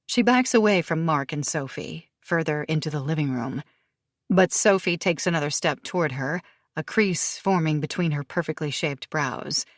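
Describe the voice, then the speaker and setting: A woman narrating a thriller audiobook in a steady, measured way, recorded close to the mic. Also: deep voice, no room sound.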